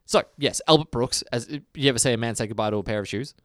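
Reading out listener letters between asides, an Australian podcast host keeps the chat casual and breaks into quick impressions. He speaks at medium pitch, and the studio recording is clean with no echo.

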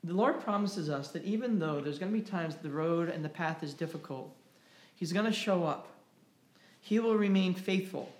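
A man preaching a sermon to his church, growing loud and impassioned when he drives a point home. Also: high-pitched, normal speed, roomy sound. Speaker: pastor. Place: church sanctuary.

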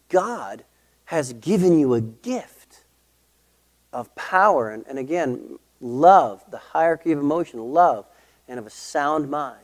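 A middle-aged pastor preaches a sermon emphatically, with a medium-pitched voice and lively intonation. He repeats key phrases and slows down to stress them.

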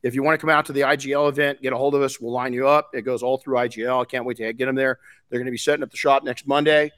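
A man's voice: mid-range voice, fairly even intonation, rapid-fire, fairly bright tone, no room sound, clean studio sound. A man hosting a podcast in casual chat, frank and rambling, swearing casually. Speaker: podcast host.

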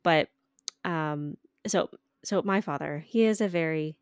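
A woman's voice: deep voice, a little slow, smooth, no echo. Woman telling stories, dry close sound. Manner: animated storyteller, laughs often, swears casually. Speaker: podcast co-host. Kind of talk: casual chat.

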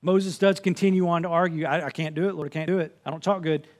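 High-voiced man preaching earnestly. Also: fairly even intonation, fast, a little mellow. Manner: earnest, conversational preaching with scripture quotes. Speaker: pastor. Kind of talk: sermon.

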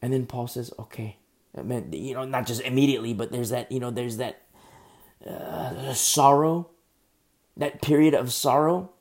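Guy preaching, gravelly low-key voice, dark tone, chatty storytelling vibe. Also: moderate pace. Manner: animated, conversational retelling with asides. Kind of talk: storytelling sermon.

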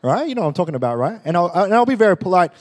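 A man in his forties preaching, lively and joking as he tells stories to his congregation. His voice sits a little high for a man. The sound carries a long reverb from a large hall. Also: very fast. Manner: animated, joking storyteller. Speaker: pastor. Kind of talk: sermon.

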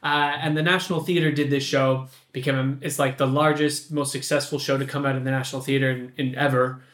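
A man's voice: mid-range voice, flat delivery, a little fast, fairly bright tone. A Canadian man in his thirties, a podcast guest chatting casually and laughing often as he tells a story. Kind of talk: casual chat.

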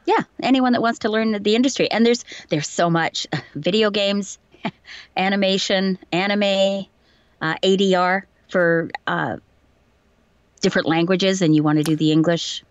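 A woman's voice: mid-range voice, fairly even intonation, a little slow, no room sound, muffled recording. A woman voice actor chatting in an interview, telling anecdotes and laughing easily. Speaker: voice actor guest. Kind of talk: casual interview chat.

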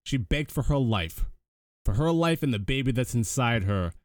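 A man's voice: mid-range voice, expressive, normal speed, dry recording. Dry-sounding man recapping a movie. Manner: retells the plot step by step, chatty. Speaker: podcast host. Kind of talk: casual movie recap chat.

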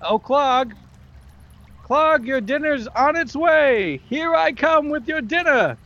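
Man doing a shrill, whiny goblin cook, pitched way up, lo-fi. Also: animated, slow pace, pushed and bright, exaggerated voice. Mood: eager. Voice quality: high squawky yelps. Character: panicky goblin cook calling out.

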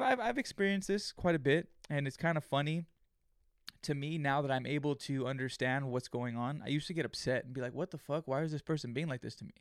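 A man talks alone into the mic in a loose, meandering way, peppering his thoughts with swearing, fillers and false starts. His voice is clear and smooth, in a middle pitch. The sound is dry and close, with no room around it. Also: dry recording. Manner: rambling, profane, many fillers and restarts. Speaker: podcast host. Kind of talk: casual solo monologue.

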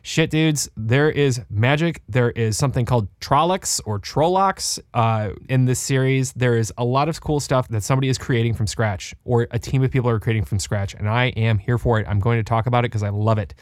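Animated, joking male podcast co-host. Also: mid-range voice, brisk, few pauses, dry recording, clean studio sound. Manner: animated, swears freely, jokey. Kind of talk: casual podcast chat. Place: home studio.

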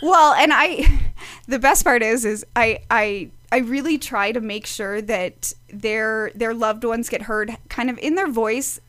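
Earnest, halting woman podcast guest. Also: a little high, fairly bright tone, dry recording. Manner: earnest, halting with many restarts. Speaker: psychic medium guest. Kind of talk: casual podcast interview.

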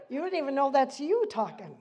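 A woman's voice: high-pitched, mellow. An older woman leading an informal church Bible study, chatty and rambling, laughing often between points.

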